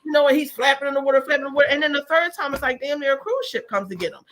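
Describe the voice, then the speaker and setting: A woman co-hosting a casual money talk, chatty and animated, telling stories with many fillers. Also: high-pitched, rapid-fire, noisy background. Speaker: co-host.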